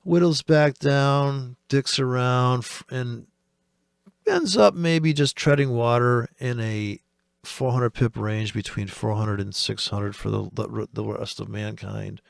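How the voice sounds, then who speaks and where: A man's voice: medium pitch, slow, vocal fry, dry recording, clean studio sound. A man from the United States giving rambling, profane, sarcastic commentary on the markets as host of a trading channel.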